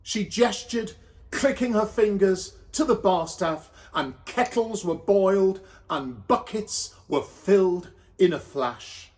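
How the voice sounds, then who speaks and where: A man's voice: sits high, expressive, takes it slowly, a little mellow. A man with a Welsh accent telling a comic story in a camp, theatrical way.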